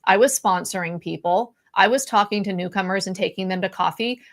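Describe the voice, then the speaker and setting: A woman's voice: medium pitch, fairly quick, a bit bright. Candid woman chatting, laughing often. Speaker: podcast co-host. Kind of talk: casual live-stream chat.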